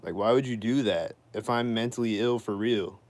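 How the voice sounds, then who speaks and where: Guy ranting on his stream, low-ish voice, keeps repeating himself, aggrieved. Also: normal speed. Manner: aggrieved, repetitive, questioning. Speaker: livestreamer. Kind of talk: livestream rant.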